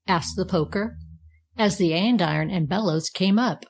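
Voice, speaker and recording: A woman narrating a children's storybook aloud at a steady, even pace. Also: on the low side, moderate pace. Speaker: audiobook narrator. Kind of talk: storybook reading.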